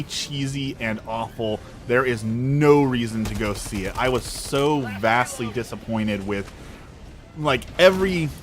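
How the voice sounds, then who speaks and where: A man's voice: medium pitch, a bit bright. A man streaming live, ranting casually with sarcastic, mocking exasperation. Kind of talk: casual rant to a live audience.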